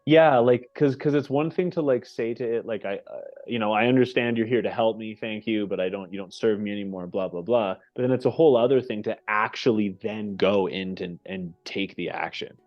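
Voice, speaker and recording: A man hosting a casual group call, energetic and animated, often checking in with "right?", heard over muffled lo-fi call audio. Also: fairly low pitch, brisk, soft background music. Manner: energetic and animated, with many restarts and "right?" tags. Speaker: host of the goal call.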